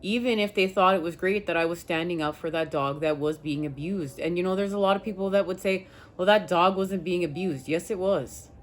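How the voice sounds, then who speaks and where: Low-voiced woman doing a spiritual reading, rambly and emphatic, some faint hiss behind. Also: fairly quick, hardly any pauses. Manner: emphatic, rambling, animated with swearing. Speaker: spiritual tarot reader. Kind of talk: casual spiritual talk to viewers.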